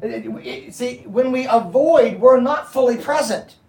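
High-voiced man teaching a Bible study. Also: measured pace, a little mellow, roomy sound, far from the mic. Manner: conversational, checks in with the audience. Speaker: pastor.

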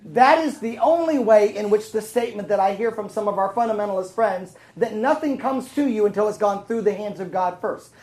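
A woman's voice: mid-range voice, fairly quick, hardly any pauses, darkish tone, poor audio. A woman teaching scripture to a congregation in a conversational sermon, often checking in with the room through questions. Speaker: Bible teacher.

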